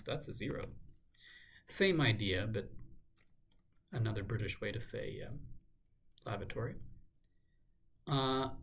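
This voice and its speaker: Husky-voiced man musing through a crossword. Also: a little high. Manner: musing, measured, self-correcting. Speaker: crossword solver. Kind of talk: thinking aloud while solving a puzzle.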